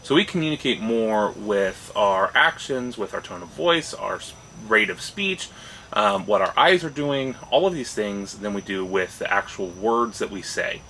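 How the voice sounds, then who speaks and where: Bright-voiced man in casual talk. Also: lowish voice, expressive, measured pace, slight background noise, rough recording. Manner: thoughtful, restarts phrases, rising "right?" checks. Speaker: podcast co-host. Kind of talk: casual discussion.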